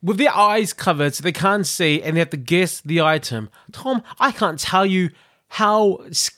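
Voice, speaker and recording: Man, podcast co-host, casual chat, playful and theatrical, slightly high voice, dry close sound. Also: measured pace, bright, forceful tone, no echo. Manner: playful, dramatic, self-mocking.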